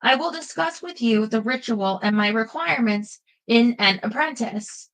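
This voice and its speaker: A woman's voice: fairly high pitch, lively intonation, a bit bright, low-quality recording. A woman voicing an elegant, formal Swedish woman mage with a Swedish accent in an audiobook. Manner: formal, unhurried.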